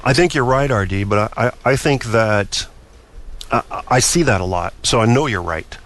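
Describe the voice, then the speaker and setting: A man hosting his own talk show, opinionated and rambling as he thinks aloud. He often stumbles and restarts his sentences, and his voice sits at an ordinary middle pitch. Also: lively intonation, moderate pace, a bit bright. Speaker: podcast host. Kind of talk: solo talk-show monologue.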